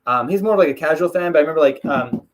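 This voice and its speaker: A man with a fairly high voice hosts an MMA video, chatting casually and ramblingly, laughing often and slipping into quick impressions.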